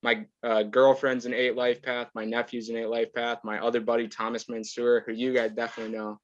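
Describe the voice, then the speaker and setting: A man's voice: medium pitch, level tone, brisk, no room sound, lo-fi sound. A man in his twenties, a podcast guest, chatting casually in a laid-back, rambling way and laughing often. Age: 20s. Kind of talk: casual chat.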